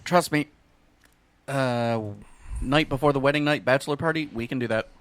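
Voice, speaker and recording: A man co-hosting a podcast, adding wry, deadpan remarks in casual chat. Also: mid-range voice, moderate pace, smooth. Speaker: podcast co-host.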